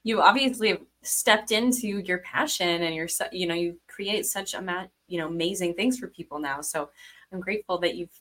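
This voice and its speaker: Bright-toned woman host, casual. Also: fairly low pitch, moderate pace. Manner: affirming, conversational. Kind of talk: casual chat.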